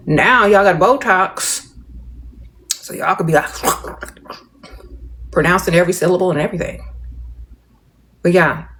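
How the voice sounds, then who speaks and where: A middle-aged woman keeps a casual livestream going by answering viewers' comments, speaking in a measured, playful, restrained drawl through barely moving lips and calling everyone "darling" and "y'all." Her pitch is fairly low.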